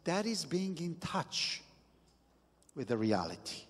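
Pastor, male: husky voice, slightly high, unhurried sermon delivery with sudden emphasis, reverberant hall. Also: big pitch swings. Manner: slow and deliberate, with emphatic bursts.

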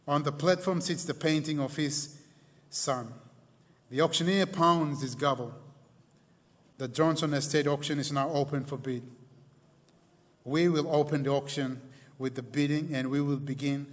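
A man preaching a sermon, telling a story dramatically and slowing down and going quiet on key lines. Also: fairly high pitch, steady tone. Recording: long hall reverb.

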